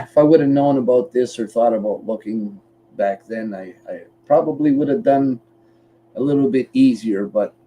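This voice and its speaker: A man's voice: medium pitch, warm tone, slight background noise. A man from Canada co-hosting a podcast, chatting casually and bluntly, swearing freely while walking through a website step by step. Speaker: podcast co-host. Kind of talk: casual chat.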